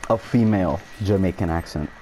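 A man's voice: low voice, a little fast, crowd noise. A man chatting casually during a co-op game, teasing his friend in a dry way. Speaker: gamer. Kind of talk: casual co-op gaming chat.

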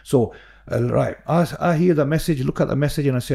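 A man's voice: a little high, brisk, creaky, dark tone. A man, guest on a podcast, talking earnestly with many fillers and repeated words. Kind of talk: casual podcast conversation.

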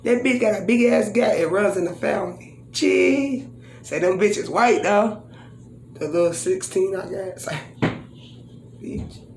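A woman's voice: medium pitch, a little slow, gravelly, long pauses, darkish tone, slight background noise. Brash, cussing woman freestyling at home. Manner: brash, profane, boastful, breaks into rhymes. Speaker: vlogger. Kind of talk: casual vlog talk with freestyle rapping. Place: home living room. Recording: roomy echo in a home.

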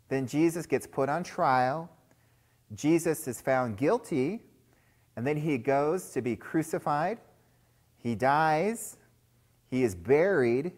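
A man giving a chapel sermon to school children, telling a story and often calling them guys. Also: fairly high pitch. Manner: storytelling, addresses listeners as guys.

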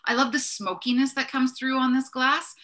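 A woman's voice: high-pitched, fairly even intonation, moderate pace, sharp tone. A woman co-hosting a wine tasting, chatty and enthusiastic, correcting herself as she goes. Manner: chatty, self-correcting, enthusiastic about labels. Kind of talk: casual tasting chat.

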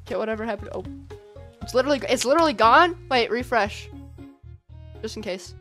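A woman's voice: a little high, animated, a little fast, long pauses, fairly bright tone, soft background music. A young woman livestreaming a game, chatting casually with her chat, giggling often and calling people bro. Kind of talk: casual live gaming stream chatter.

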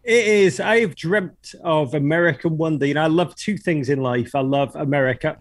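Middle-aged liverpool guy, big hyperbolic energy, highish voice, dry sound. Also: normal speed, no echo. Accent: Liverpool English. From England. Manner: exuberant, self-described hyperbolic talker. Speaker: guest. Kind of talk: casual radio interview.

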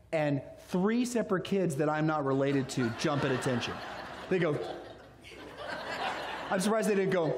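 A middle-aged man preaching a sermon, telling stories with lively delivery and acting out little voices. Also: fairly high pitch. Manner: animated storytelling, acts out voices. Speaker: pastor. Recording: echoey hall.

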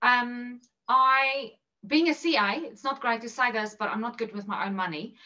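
A South African woman with an Afrikaans-flavored accent answers questions in a casual interview. Her voice is bright and forward. She is heard a little distant and dull, over a video call. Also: on the high side, normal speed. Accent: Afrikaans-influenced South African English. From South Africa, Bloemfontein. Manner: chatty and self-deprecating, many ums and laughs. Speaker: interview guest.

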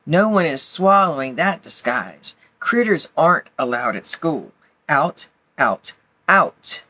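A woman's voice: deep voice, expressive, takes it slowly, sharp tone, dry recording, exaggerated voice. A woman voicing a bossy female head lunch lady who hollers her orders.

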